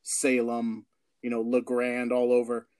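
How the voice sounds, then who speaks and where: A man from Portland hosting a casual interview, telling animated stories and laughing often. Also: medium pitch, measured pace, no room sound. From Portland, Oregon. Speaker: host.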